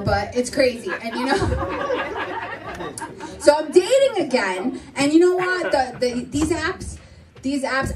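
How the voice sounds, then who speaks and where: A woman's voice: high-pitched, far from the mic, very noisy. A middle-aged woman doing a stand-up comedy set, brash and profane, acting out her family in the telling. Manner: animated, brash, profane, acts out family members. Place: comedy club stage. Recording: live club, mic heard from afar, audience laughter. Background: audience laughter.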